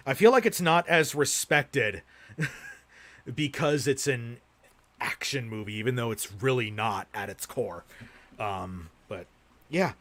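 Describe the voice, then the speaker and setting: A young man chatting casually on a livestream about his movie collection, rambling and swearing freely as he goes. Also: medium pitch. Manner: profane, rambling, rants with heavy swearing. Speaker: streamer showing his film collection.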